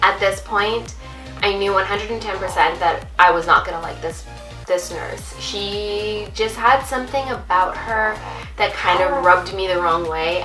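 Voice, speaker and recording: A woman's voice: mid-range voice, fairly bright tone. A woman vlogger earnestly recounting a personal story to her viewers, confiding and direct. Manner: earnest, confiding, addresses viewers as ladies and mamas. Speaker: vlogger and new mother. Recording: roomy echo, distant mic, faint music.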